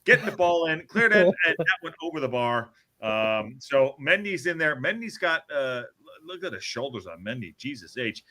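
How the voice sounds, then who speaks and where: Bright excitable male podcast host. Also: medium pitch, fairly quick. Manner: excitable play-by-play with swearing and jokes. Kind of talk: casual match commentary.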